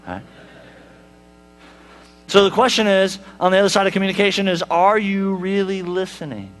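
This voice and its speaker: High-voiced man preaching conversationally. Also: moderate pace, faint music behind. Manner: conversational, asks the congregation rhetorical questions; wry humor. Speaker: pastor. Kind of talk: sermon. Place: church sanctuary.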